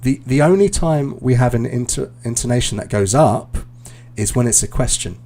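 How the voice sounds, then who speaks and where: A British man, an IELTS teacher, giving relaxed, explanatory feedback in a live online class, with plenty of ums and uhs. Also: medium pitch, normal speed, faint music behind.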